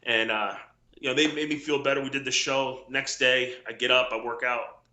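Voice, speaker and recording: Bright, animated man telling stories. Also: medium pitch, moderate pace, roomy sound. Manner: rambling anecdotes with quoted dialogue, many restarts. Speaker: former wrestler, guest. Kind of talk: casual storytelling interview.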